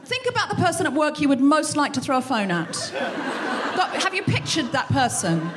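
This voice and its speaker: High-voiced woman hosting a comedy podcast. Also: normal speed, crowd noise, background noise. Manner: profane, animated, acts out scenes. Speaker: podcast host. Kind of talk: live stand-up monologue. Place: live show on stage before an audience.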